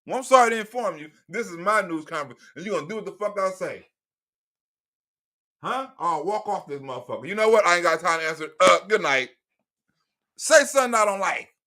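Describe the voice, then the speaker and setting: A man's voice: high-pitched, expressive, brisk, sharp tone. A man doing a cranky old president. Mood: dismissive. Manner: rambling, profane, stammering restarts. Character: cranky old male president, profane and dismissive.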